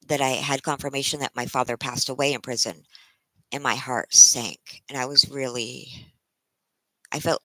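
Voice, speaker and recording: A tired woman livestreaming to her viewers, close to tears, speaking in halting, emotional bursts and restarting her sentences. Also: deep voice, sharp tone, no room sound, low-quality recording. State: tired from a sleepless night. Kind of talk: casual live-stream chat.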